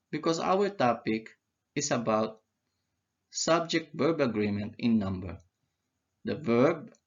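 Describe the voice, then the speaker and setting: A man's voice: mid-range voice, lo-fi sound. A man teaching an English grammar lesson, who asks questions and answers them himself and repeats key words. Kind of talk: slow, deliberate grammar lesson.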